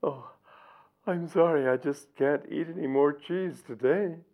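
A man's voice: fairly high pitch, a little slow, voice pushed up. A man doing a sleepy, contented god. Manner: sleepy, apologetic. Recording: tinny lo-fi recording.

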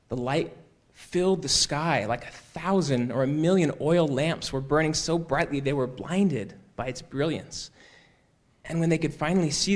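A man telling a story aloud in an unhurried, conversational way, often repeating "he said" and restarting phrases. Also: on the high side. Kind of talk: oral storytelling.

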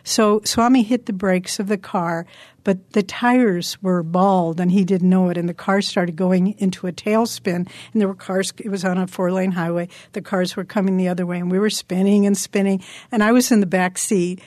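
A woman spiritual teacher giving a meditation talk, telling stories earnestly and slowing her words down for emphasis. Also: mid-range voice, steady tone, a little mellow, dry recording.

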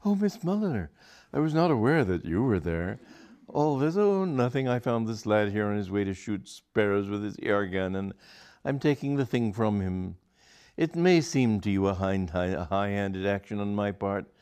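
A man voicing a sanctimonious, scheming young gentleman in a read-aloud comic story, theatrical and preachy. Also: on the low side, fairly even intonation, normal speed, clean tone, close to an everyday voice.

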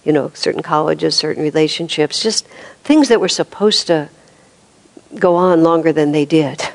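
Gravelly older woman giving a spiritual talk. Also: low-pitched, normal speed, low-quality recording. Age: 70s. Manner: storytelling with laughs and restarts. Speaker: spiritual teacher.

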